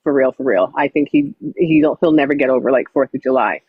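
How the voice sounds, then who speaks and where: A woman's voice: very deep voice, wildly swooping pitch, fast talker, gravelly, breathy edge, dry recording, phone-quality sound. A woman chatting casually on a livestream, blunt and full of swearing.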